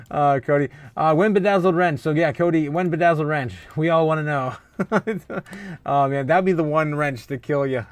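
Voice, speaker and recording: A man with a slightly high voice hosts a casual livestream, chatting to his viewers and reading their comments aloud. He keeps it loose and jokey, laughs a lot, and fills his pauses with "uh". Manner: laughs often, upbeat and jokey, frequent filler "uh". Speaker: crypto livestream host.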